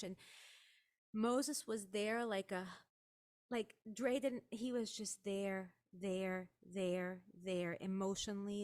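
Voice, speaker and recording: A young adult woman telling a personal story of loss in an interview, halting, with many restarts and "like"s. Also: medium pitch. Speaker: guest. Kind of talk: emotional personal account in conversation.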